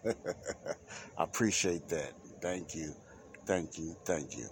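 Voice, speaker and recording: A man's voice: low voice, slow, a little hiss or hum. A man hosting his own Christian talk podcast, talking in a rambling, repetitive, informal preacherly way. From United States. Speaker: podcast host. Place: Chicago area.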